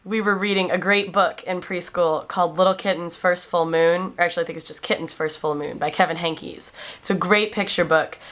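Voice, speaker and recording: In her vlog, a woman in her twenties who works as a classroom aide casually shares funny stories. She says um often and raises her voice when quoting kids, and her lowish voice has a fairly bright tone.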